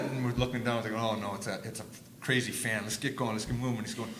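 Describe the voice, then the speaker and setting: An older man on a conference panel telling lively stories, acting out quotes loudly. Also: mid-range voice, fast talker, hardly any pauses. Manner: animated storyteller, acts out quotes loudly. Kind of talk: storytelling on a panel. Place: conference stage. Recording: echoey room with faint noise.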